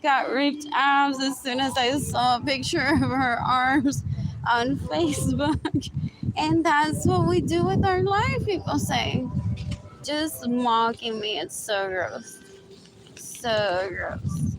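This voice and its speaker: Rambling woman over loud traffic noise. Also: high voice, slow pace. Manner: rambling, repeats "what else?" often, laughs between phrases. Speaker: livestream host. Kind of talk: rambling live-stream monologue.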